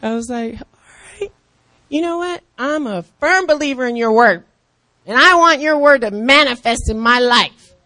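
A woman in her fifties preaching with a lively, swooping voice that rides fairly high. She acts out other people's voices and calls out in excitement. The sound is close and dry. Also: a little fast, dry recording. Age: 50s. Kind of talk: lively sermon.

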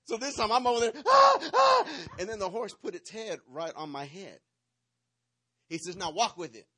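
A man's voice: high voice, normal speed, breathy edge. A man preaching a sermon, telling a playful, dramatic story and acting out the parts. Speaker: pastor.

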